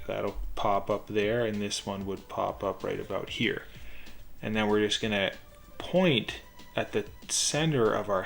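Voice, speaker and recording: A man with a fairly low voice and a gravelly edge talks through a drawing tutorial. His delivery is calm and methodical, and he describes each line as he draws it. Faint music plays underneath. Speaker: drawing instructor.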